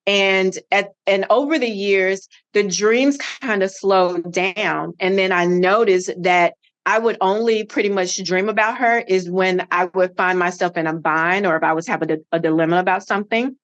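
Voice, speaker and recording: A middle-aged woman, a podcast guest, telling a personal story with lively acted-out dialogue. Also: medium pitch, normal speed, highs cut off. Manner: animated, acts out quoted dialogue.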